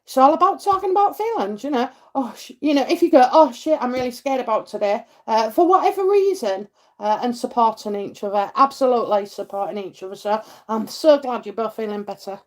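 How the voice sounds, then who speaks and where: A middle-aged woman with a Yorkshire accent, hosting a live psychic stream and chatting warmly with viewers between comments, full of fillers and endearments. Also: fairly high pitch, animated, brisk, few pauses. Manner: chatty, many fillers, laughs, calls people darling and lovely. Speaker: psychic reading host.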